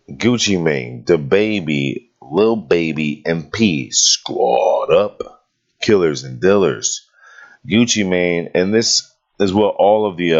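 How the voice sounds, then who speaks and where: A deep, low-voiced male host rambles through casual commentary and pokes fun at the writing he reads aloud. The audio sounds dull and lo-fi. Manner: sarcastic, mocks what he reads aloud.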